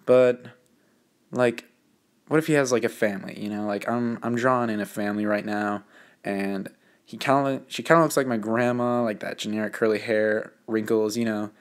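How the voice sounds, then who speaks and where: A man's voice: fairly low pitch, steady tone, normal speed. A teenage boy telling a story in a casual, joking way, rambling with lots of fillers and poking fun at himself. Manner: rambling, filler-heavy, self-mocking. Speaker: student narrating a drawing video.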